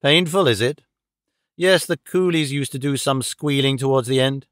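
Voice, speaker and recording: A man's voice: mid-range voice, moderate pace, a bit bright, dry recording, studio quality, natural voice. A man doing a sneering, menacing villain. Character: cold gloating male villain, middle-aged.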